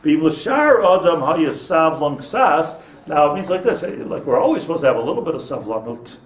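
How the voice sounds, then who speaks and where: A man's voice: on the high side, big pitch swings, moderate pace. An older man, a rabbi, giving an informal class in a conversational, digressive way, full of stories and Hebrew terms. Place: classroom with small group. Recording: echoey room, distant mic, faint noise.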